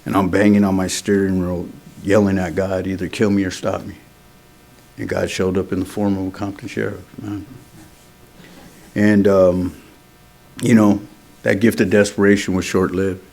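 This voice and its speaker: Low-voiced guy sharing his story at a meeting, casual, lots of "man". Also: little pitch movement, normal speed, gravelly, darkish tone. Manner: candid, street-casual, peppered with "man". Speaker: AA meeting speaker. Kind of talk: personal recovery testimony. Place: recovery meeting room.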